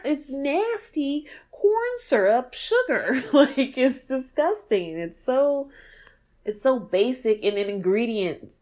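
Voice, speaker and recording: A young woman from New York hosting her podcast in a casual monologue, animated and profane, laughing often. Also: on the high side. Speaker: podcast host.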